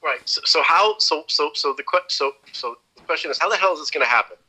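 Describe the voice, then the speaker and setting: Bright-voiced man explaining in casual talk. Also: on the high side, lively intonation, quick pace, slightly rough, low-quality recording. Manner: explanatory, repeats words while thinking. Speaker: podcast co-host. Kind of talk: casual chat.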